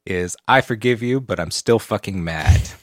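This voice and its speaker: A man hosting a music interview, enthusiastic and quick with short affirmations. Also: lowish voice, no echo, clean studio sound. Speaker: radio interviewer.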